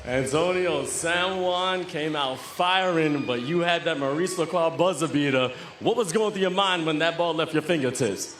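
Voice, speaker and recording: A man's voice: on the high side, moderate pace, hardly any pauses, a bit bright. A man with a slightly raised voice working courtside, asking plain, direct questions after the game. The sound is echoey, with faint arena noise behind him. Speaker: courtside reporter. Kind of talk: post-game interview. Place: indoor basketball arena.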